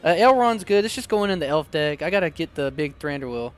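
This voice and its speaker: An excitable man chats through a card-opening video, his high voice swinging up and down a lot. He sounds smooth and resonant, close and dry. Faint music plays underneath. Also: brisk. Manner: chatty and excitable, reads card text aloud. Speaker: card-opening channel host. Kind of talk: casual unboxing chat.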